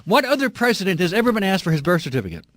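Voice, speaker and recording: A man's voice: sits high, big pitch swings, racing, a bit bright. A middle-aged man hosting a call-in radio talk show, talking in a heated, emphatic, indignant way.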